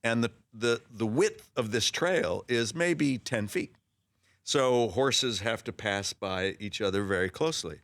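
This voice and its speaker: A man in his sixties, a guest telling stories in a casual interview, lively and animated, acting out voices in his anecdotes with frequent restarts. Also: medium pitch, a little slow, no echo. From Los Angeles area. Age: 60s. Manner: frequent restarts and repeated words. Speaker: actor guest.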